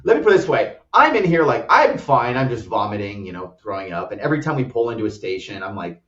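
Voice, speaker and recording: A man's voice: on the low side, sing-song, fast, fairly bright tone. An American man who co-founded a startup, telling a travel story as a guest in a loose, rambling way full of "like" fillers. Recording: roomy, distant, dull-sounding audio.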